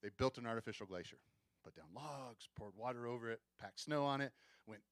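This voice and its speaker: A man's voice: mid-range voice, sing-song, fairly quick, long pauses, dry recording. A man giving a casual, wry history lecture about soldiers' training at a museum event, often restarting his sentences.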